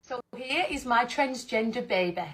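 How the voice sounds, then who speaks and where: A woman's voice: fairly high pitch, expressive, moderate pace, a bit bright. A woman speaking earnestly and with emotion in a social media video played back.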